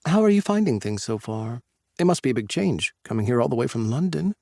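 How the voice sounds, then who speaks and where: A man's voice: medium pitch, very animated, fairly quick, vocal fry, dark tone, dry recording, clean studio sound. A man voicing a teasing adult man who makes wry quips. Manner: wry, quipping.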